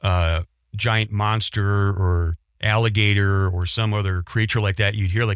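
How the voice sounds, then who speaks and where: A man co-hosting a casual chat, explaining in a measured way with frequent fillers. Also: on the low side, steady tone, clean tone, dry recording, studio quality. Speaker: podcast co-host.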